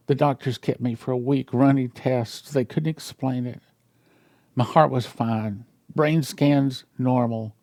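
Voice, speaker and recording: Gravelly earnest male pastor. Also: medium pitch, no echo, studio quality. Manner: earnest, grows emotional and quiet when telling a personal story. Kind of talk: sermon reading a dream account aloud.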